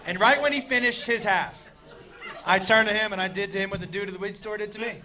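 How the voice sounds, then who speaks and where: A man's voice: high voice, quick pace. A man doing stand-up storytelling, profane and punchline-driven, on stage before a live audience. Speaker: stand-up comedian. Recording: comedy club with loud audience.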